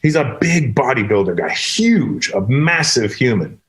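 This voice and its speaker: Animated comedian man telling stories. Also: mid-range voice, measured pace. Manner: animated, jumps into voices for quotes. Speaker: stand-up comedian, guest. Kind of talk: casual storytelling in conversation.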